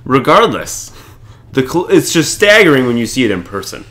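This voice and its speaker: Bright-voiced man joking through a recap. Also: mid-range voice, very animated, moderate pace. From Chicago. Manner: joking, laughs often, trails off with fillers. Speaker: podcast co-host. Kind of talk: casual recap chat.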